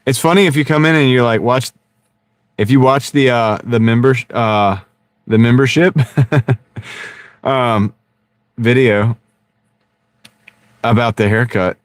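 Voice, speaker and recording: A man's voice: medium pitch, slow, pauses often, clean tone, no room sound. Chatty laughing man streaming from his car. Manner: rambling, jokey, laughs often. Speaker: livestream host chatting with viewers. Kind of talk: casual live-stream chat. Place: inside a car. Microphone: wireless clip-on microphone.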